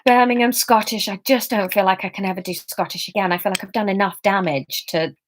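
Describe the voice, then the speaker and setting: A woman's voice: mid-range voice, steady tone, brisk, a little hiss or hum. A woman reading her own comic novel aloud, breaking off for playful, chatty asides.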